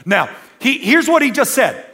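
High, bright preacher. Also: male voice, sing-song, normal speed. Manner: emphatic, swings between loud exclamation and hushed asides, joking. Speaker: pastor. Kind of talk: sermon. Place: church auditorium, indoors.

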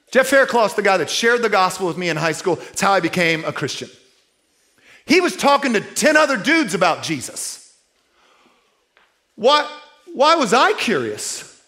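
A man's voice: high-pitched, pushed and bright. A middle-aged man preaching a sermon in a conversational way, asking his listeners rhetorical questions. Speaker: pastor.

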